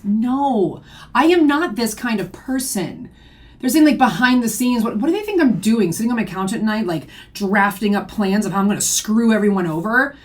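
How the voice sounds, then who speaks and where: A woman's voice: on the high side, animated, moderate pace. A young woman giving indignant reaction commentary on her channel, firing off rhetorical questions. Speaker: YouTube commentator.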